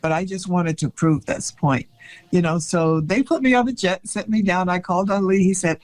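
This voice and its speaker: Older woman telling a lively story. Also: fairly low pitch, normal speed. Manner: animated storyteller who acts out quoted dialogue. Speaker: guest. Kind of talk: storytelling in a conversational interview.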